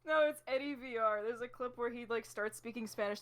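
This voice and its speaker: A young woman, a guest on a podcast, chatting casually and explaining her game design in a relaxed way. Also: fairly high pitch, quick pace. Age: young adult. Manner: relaxed and explanatory, laughs often. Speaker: guest, indie game developer. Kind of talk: casual interview chat.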